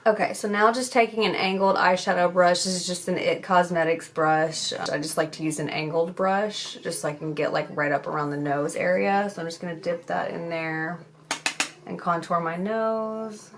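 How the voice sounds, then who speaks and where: A woman's voice: lowish voice, fairly even intonation, moderate pace, a little hiss or hum. A young woman chatting candidly as a beauty vlogger while she does her makeup, swearing casually as she goes.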